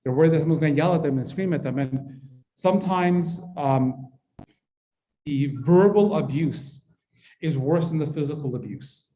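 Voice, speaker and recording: A man's voice: a little high, normal speed, warm tone. A man leading a parenting workshop in a mosque hall, talking conversationally and often checking in with the audience. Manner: conversational, keeps asking the audience "right?". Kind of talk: interactive workshop talk.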